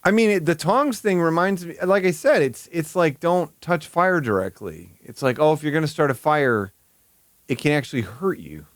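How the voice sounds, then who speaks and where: A man's voice: fairly high pitch, lively intonation, normal speed, no room sound, studio quality. A man streaming live, reacting to a video with incredulous, stammering, profane commentary. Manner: incredulous, swearing, stammering with bursts of laughter.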